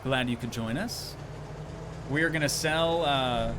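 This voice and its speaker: A man's voice: mid-range voice, takes it slowly, noisy background. A man streaming a game live, chatting casually, joking and answering his chat as he plays.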